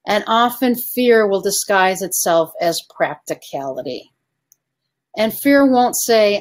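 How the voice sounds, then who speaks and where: A woman coach leads an online session at an unhurried, deliberate pace. Her pitch is mid-range. She keeps putting questions to her listeners and asks them to answer in the chat. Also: animated. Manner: poses questions to the audience and invites chat replies. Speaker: success coach.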